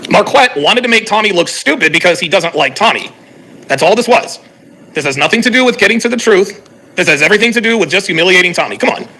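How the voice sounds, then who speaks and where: This man's voice sits strikingly high, bright and cutting, as he talks fast through heated live-stream reactions. Animated and fed up, he curses freely, reading out chat messages and arguing with them.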